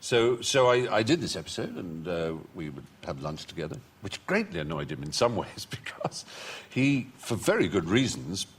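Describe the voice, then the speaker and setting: Wry husky English man telling anecdotes. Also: sits low, fairly bright tone. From England. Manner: articulate, wry storyteller who breaks into put-on voices. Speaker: talk show guest. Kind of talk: anecdotal chat.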